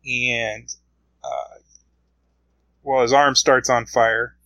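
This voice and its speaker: A man's voice: mid-range voice, expressive, drawn-out words, sharp tone, no echo, low-quality recording. A man casually retelling a comic book story, rambling along with frequent fillers.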